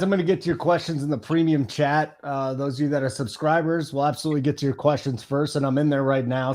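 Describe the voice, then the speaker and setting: A man's voice: on the high side, a little mellow. Brash man hosting a betting show. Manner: brash, teasing, pushes co-hosts along. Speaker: host. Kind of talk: live sports betting show chat.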